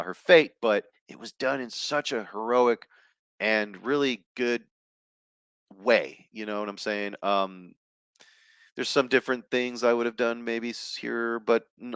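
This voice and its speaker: A man's voice: lowish voice, a bit bright, clear, resonant tone, no room sound. Laid-back man reviewing on camera. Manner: loose, enthusiastic, lots of fillers and restarts. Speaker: video reviewer. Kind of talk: casual chat.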